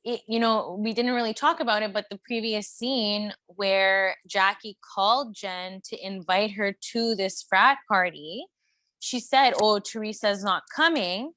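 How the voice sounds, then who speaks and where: A woman's voice: mid-range voice, no echo. A young woman co-hosting a pop culture podcast, chatting casually and chiming in to agree. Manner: relaxed, quick agreeing interjections. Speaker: podcast co-host. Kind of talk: casual chat.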